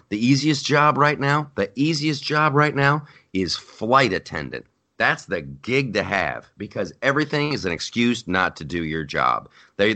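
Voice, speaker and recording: A man co-hosting a podcast, telling stories in casual chat with loud, animated outbursts. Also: mid-range voice. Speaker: podcast co-host. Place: lives in New York.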